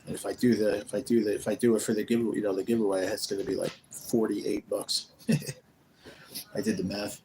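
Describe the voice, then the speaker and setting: A man's voice: lowish voice, level tone, fairly quick, mellow, a little hiss or hum, poor audio. A man hosting a casual live stream from a rehab facility room, rambling as he retells conversations.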